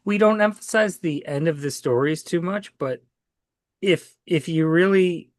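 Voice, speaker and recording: Slow, wry-talking man. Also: on the high side, no room sound, clean studio sound. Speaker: podcast co-host. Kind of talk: casual chat.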